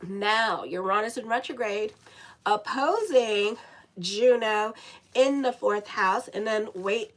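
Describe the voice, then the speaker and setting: A woman's voice: medium pitch, slow pace, poor audio. A woman astrologer giving a casual horoscope reading while sick, chatty and swearing in asides. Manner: chatty, swears and laughs at her own asides. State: sick, dry lips.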